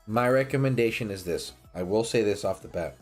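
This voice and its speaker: A man with a lowish voice hosts a live game stream in easy, offhand chat. He swears casually and answers viewers' questions as he plays. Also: animated, fairly quick, soft background music. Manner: laid-back, swears casually, reads chat aloud.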